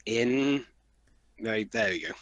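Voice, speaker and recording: A man cracking sarcastic deadpan jokes in a casual group movie commentary. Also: fairly low pitch, slow, no echo, muffled recording. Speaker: commentary co-host.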